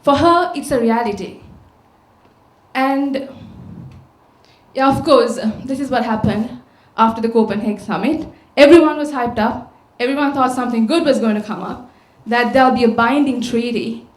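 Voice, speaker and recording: Sri woman speaker, slightly high voice, storytelling in an echoey hall, rhetorical questions. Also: normal speed. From Sri Lanka. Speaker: conference speaker. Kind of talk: public talk. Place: large auditorium. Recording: echoey auditorium sound.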